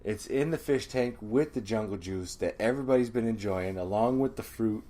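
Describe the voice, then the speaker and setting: A man's voice: fairly low pitch, normal speed, warm tone. A young man co-hosting a podcast, telling a party story in casual chat, acting out quotes and laughing often. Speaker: podcast co-host.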